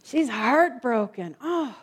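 A woman's voice: on the high side, animated, slow, breathy edge. A woman preaching a sermon, retelling stories emphatically with lots of repetition.

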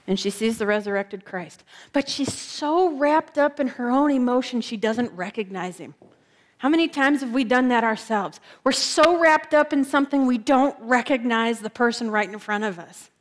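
A woman preacher telling a story in a sermon, slowing down and dropping her voice soft for emphasis. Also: on the high side, animated.

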